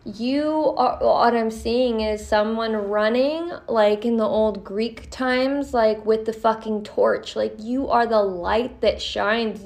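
A young woman reads tarot cards for her podcast listeners, swearing freely and cheering them on. Her voice sits a little high with a gravelly fry, and she talks slowly, drawing out her words. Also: a little mellow. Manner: profane, blunt, encouraging. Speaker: tarot reader. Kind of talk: casual tarot reading podcast.

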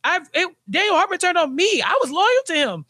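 A man's voice: very high-pitched, very animated, fairly quick, pushed and bright, dry recording, studio quality, pitched above the performer's own voice, full character voice. A man mimicking a whiny, petulant middle-aged male lawyer in a mocking impression during a podcast.

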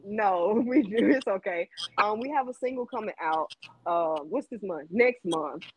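A woman's voice: medium pitch, expressive, a little slow, breathy edge, muffled recording. A Southern-accented woman singer talks in a chatty, upbeat way, full of "um" and "like". The sound is dry and close, with no room echo around her voice. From Jackson, Mississippi. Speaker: guest singer in an R&B group. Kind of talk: casual interview chat.

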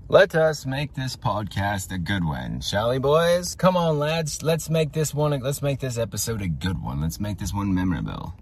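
A man putting on a hearty posh English gentleman. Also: medium pitch, sing-song, moderate pace, hardly any pauses, slight background noise, voice pushed up. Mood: rousing. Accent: put-on posh English. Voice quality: vocal fry. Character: hearty upper-class English gentleman rallying the lads.

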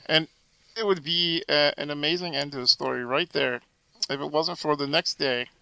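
A man guest on a podcast telling a story in a casual, animated way, acting out the dialogue as he goes. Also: on the high side, normal speed, creaky, smooth, no echo, low-quality recording. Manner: animated, acts out quoted dialogue.

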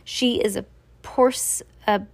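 A woman voicing a formal, pompous older gentleman in a storybook reading. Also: medium pitch, fairly even intonation, slow, vocal fry.

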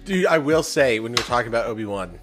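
Man, mid-range voice, casual podcast chat, animated storyteller, swears, faint music behind. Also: medium pitch, fast. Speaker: podcast co-host.

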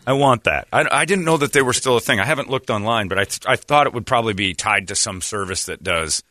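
Bright-voiced joking radio host. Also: male voice, fairly low pitch, fast talker, no echo, clean studio sound. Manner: joking, rambling. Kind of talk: casual chat.

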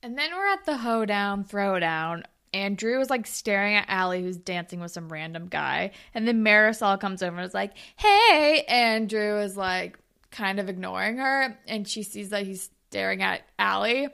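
A woman's voice: medium pitch, moderate pace, vocal fry, bright, forceful tone, clear, resonant tone. A young woman co-hosting a casual podcast, retelling TV scenes and acting out the characters' lines. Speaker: podcast co-host recapping a TV show. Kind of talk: casual chat.

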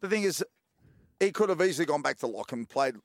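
A man on a sports radio panel, blunt and quick. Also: fairly high pitch, lively intonation, no room sound, clean studio sound. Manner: quick, blunt, says mate. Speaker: radio panelist, ex rugby league player. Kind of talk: casual sports radio chat.

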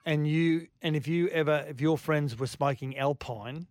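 Besetzung: australischer Co-Moderator, neckisch, lacht gern, etwas helle Stimme. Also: male voice, a little high, a little mellow, no echo. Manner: chatty, quick to laugh and tease. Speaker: co-host. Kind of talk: casual banter on a talk show.

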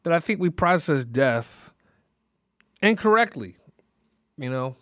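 A man's voice: on the high side, big pitch swings, takes it slowly, a bit bright, dry recording, studio quality. A man hosting a podcast who rambles through a casual, reflective monologue, often restarting his sentences. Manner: rambling, full of "you know" and restarts. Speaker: podcast host.

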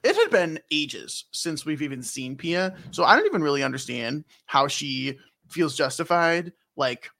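A man's voice: fairly high pitch, very animated, moderate pace, creaky, hardly any pauses, bright, forceful tone. A young man who co-hosts a casual podcast, rambling and joking with frequent laughs. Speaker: podcast co-host recapping a game. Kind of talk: casual chat.

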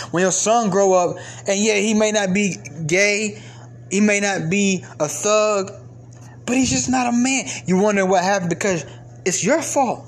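A man delivering a heated, profane commentary rant, swinging between raised outbursts and low, exasperated muttering. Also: normal speed. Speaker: commentary vlogger. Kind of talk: ranting commentary monologue.

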